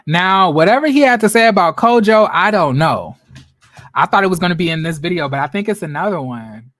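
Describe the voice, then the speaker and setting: A man vlogging reaction commentary in a sassy, slangy way, swinging between loud outbursts and muttered asides. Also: sits high, animated, brisk, no room sound, studio quality.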